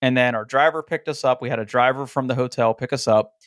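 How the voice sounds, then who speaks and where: A man co-hosting a relaxed podcast, telling an animated story in a medium-pitched voice. He fills his sentences with casual fillers and acts out the dialogue of the people in his story. The recording is dry and close, with no room sound. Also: fast, smooth, no echo. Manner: frequent "like" fillers and restarts. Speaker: podcast co-host. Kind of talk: casual chat.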